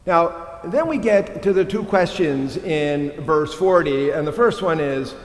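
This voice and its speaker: A man preaching a sermon as a pastor, lively and humorous in a conversational way. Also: fairly high pitch, a little slow. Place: church. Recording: echoey church hall with long reverb.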